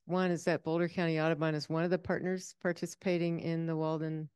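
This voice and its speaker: A woman hosts a public talk in a friendly, informal way. Her voice is smooth and clear and sits a little low. The sound is close and dry. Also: flat delivery, quick pace, darkish tone, no echo. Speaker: event host.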